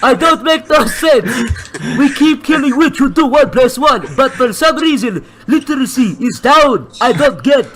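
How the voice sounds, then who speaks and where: A man's voice: very high-pitched, expressive, normal speed, fairly bright tone, voice pushed up. A man voicing a ranting village man who speaks broken English, with choppy grammar and blunt cursing. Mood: indignant ranting. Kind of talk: comedic improvised bit.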